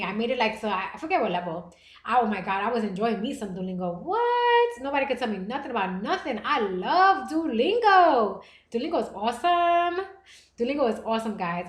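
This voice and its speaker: Young american woman streaming, bubbly and chatty, kinda high voice, echoey room. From United States. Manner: animated and playful, with gasps and bursts of laughter. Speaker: livestream podcast host. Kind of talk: casual livestream chat reading viewer comments.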